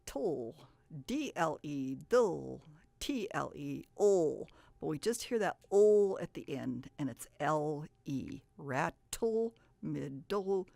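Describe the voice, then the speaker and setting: Low, gravelly-voiced woman teaching reading. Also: no room sound. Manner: encouraging, patient, explains step by step. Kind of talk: instructional presentation.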